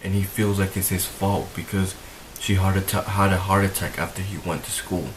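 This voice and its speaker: A young man with a low, level voice speaks earnestly to camera, circling back and repeating himself as the feeling builds. His delivery stays steady in pitch and rarely lifts. A soft hiss runs under the recording. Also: normal speed, low-quality recording. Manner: emotional, rambling, repeats himself. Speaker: vlogger.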